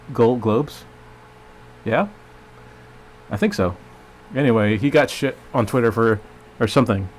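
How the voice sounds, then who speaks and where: A man with a country Arkansas accent, talking at a middling pitch. He rambles on a live stream, loose and profane, drifting from one thought to the next. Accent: Arkansas Southern US. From Arkansas, USA.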